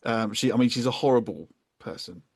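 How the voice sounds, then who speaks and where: An English man with a British accent hosting a podcast. He chats in a relaxed way with short replies, in an ordinary mid-range voice. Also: medium pitch, fairly quick, slightly rough. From England. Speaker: podcast host. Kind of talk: casual chat.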